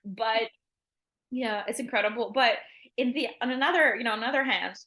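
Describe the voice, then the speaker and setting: Bright, chatty woman full of "like". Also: on the high side, brisk. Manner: rambling, frequent "like", laughs often. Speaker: language teacher, podcast guest. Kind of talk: casual interview chat.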